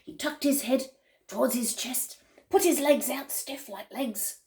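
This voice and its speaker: An older woman, a grandmother, reading a picture book aloud to a child in a playful, animated way. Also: high voice, unhurried. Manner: animated, playful, with gasps and chuckles.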